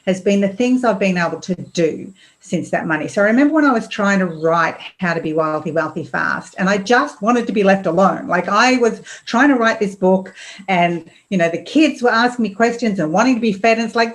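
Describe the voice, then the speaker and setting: A middle-aged woman, a podcast guest telling personal stories in a lively way, acting out what people said. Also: medium pitch, a little fast, rough recording. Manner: animated, acts out quotes with laughs. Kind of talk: casual storytelling interview.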